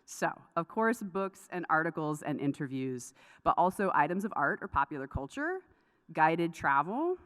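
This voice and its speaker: Low-voiced woman giving a lecture in a hall. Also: big pitch swings, moderate pace, fairly bright tone. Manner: chatty, self-interrupting, laughing asides. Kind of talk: conference craft lecture. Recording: lecture hall with long reverb.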